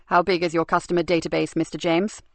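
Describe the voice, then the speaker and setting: A woman voicing a calm, polite male detective sergeant, speaking low, quiet and measured. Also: dry recording, lightly acted.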